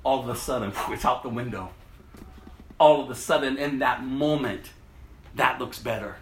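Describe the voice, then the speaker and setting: A man preaching a casual sermon, reading scripture aloud and swinging from loud emphasis to hushed, low tones. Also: moderate pace, reverberant, a little hiss or hum.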